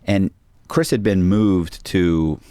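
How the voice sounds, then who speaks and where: Low-voiced man telling a prison story. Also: slow, no room sound. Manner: animated storyteller acting out quoted dialogue. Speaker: podcast guest. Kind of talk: storytelling in a casual interview.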